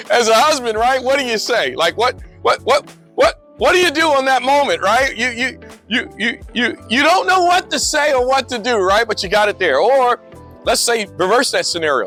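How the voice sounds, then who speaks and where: A middle-aged man telling joking stories in a casual monologue, animated, laughing often and repeating words. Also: very high voice. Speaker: motorcycle vlogger.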